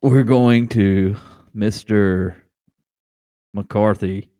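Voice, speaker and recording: A man's voice: on the low side, fairly even intonation, extremely slow, mellow, no room sound. A man co-hosting a casual sports podcast, laid-back and joking. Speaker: podcast co-host. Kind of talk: casual chat.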